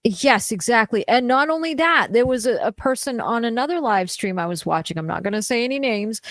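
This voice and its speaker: A woman's voice: a little high, expressive, fairly quick, no echo. A woman co-hosting a live stream, ranting with indignant, profane emphasis. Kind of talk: angry live stream rant.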